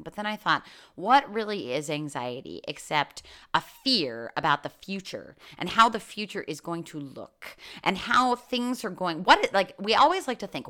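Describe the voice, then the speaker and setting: A woman's voice: on the low side, pushed and bright. A woman vlogger talking candidly about a road trip and anxiety, swearing freely and getting fired up.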